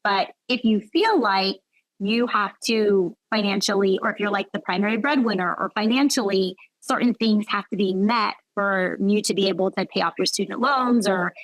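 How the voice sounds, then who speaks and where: A woman's voice: medium pitch, normal speed, a bit bright, no echo, rough recording. A woman physician talking reflectively in an interview, often adding "right?" and "like" as she thinks aloud. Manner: reflective, frequent "right?" and "like" fillers. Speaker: physician guest. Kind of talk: conversational interview.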